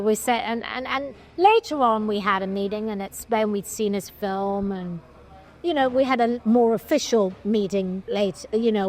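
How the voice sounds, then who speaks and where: A middle-aged woman, a film producer telling an animated story in an interview, with frequent restarts. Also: medium pitch.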